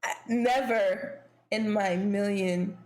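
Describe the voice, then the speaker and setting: A young woman streamer telling a story in casual chat, animated and blunt, swearing and laughing often. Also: medium pitch, slow.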